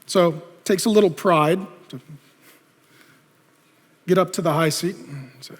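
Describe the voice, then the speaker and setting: A male pastor preaching a sermon in an animated way, asking the audience rhetorical questions. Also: high voice, unhurried, pauses often, big-room sound.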